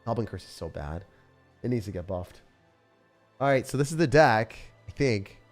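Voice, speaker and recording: A young man giving live commentary as he plays and rates card decks, excitable, with loud outbursts and laughter. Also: on the low side, normal speed. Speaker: streamer playing and rating decks. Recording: faint music behind.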